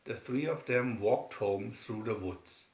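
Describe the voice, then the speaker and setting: A man reading a children's storybook aloud at an unhurried, measured pace. His voice sits at an ordinary middle pitch. The room is echoey and the sound is a bit muffled. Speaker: storybook reader. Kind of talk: read-aloud storybook narration. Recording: roomy, dull lo-fi sound.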